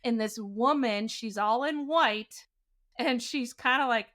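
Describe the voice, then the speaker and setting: A woman in her forties, a podcast co-host, telling a scary personal story in a casual, animated way, often laughing. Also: fairly high pitch, takes it slowly.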